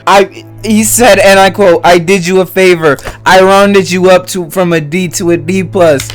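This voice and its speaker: A young man telling a personal story on his vlog, animated and swearing, bursting into shouts. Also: high-pitched, normal speed, faint music behind. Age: young adult. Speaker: vlogger.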